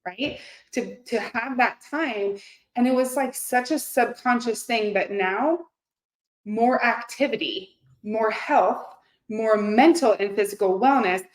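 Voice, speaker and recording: A woman's voice: fairly high pitch, expressive, measured pace. A woman in her thirties talking earnestly and casually to her viewers, with many fillers and restarts. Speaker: host. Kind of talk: casual motivational talk to camera. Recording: echoey room.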